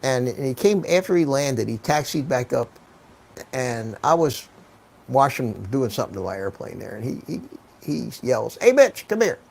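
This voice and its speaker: A man's voice: mid-range voice, normal speed, gravelly, a little mellow. An older man hosting a live online chat, telling rambling stories with many restarts over a video call. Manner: rambling storyteller, restarts often. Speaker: host. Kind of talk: casual chat on a live stream.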